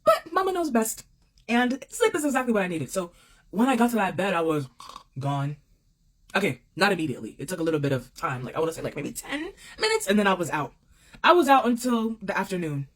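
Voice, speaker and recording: A young woman in a casual storytime monologue, talking straight to her viewers. She is expressive and leans on repeated phrases to drive a point home, at a middle pitch. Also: quick pace.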